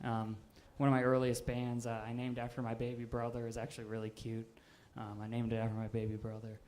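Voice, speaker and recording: A man in his twenties doing a stand-up set, with an offhand, deadpan delivery full of "um"s. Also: medium pitch, brisk. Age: 20s. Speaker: stand-up comedian. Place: live comedy stage.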